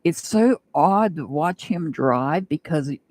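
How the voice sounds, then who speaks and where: A woman's voice: deep voice, expressive, takes it slowly, darkish tone, no room sound. A woman doing a live-stream tarot reading, chatting and rambling with her viewers and laughing often. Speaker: tarot reader.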